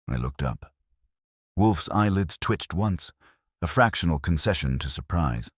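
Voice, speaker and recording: Very deep, husky male narrator. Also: lively intonation, measured pace, dry recording, clean studio sound. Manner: wry, conversational storytelling. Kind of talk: first-person audiobook narration.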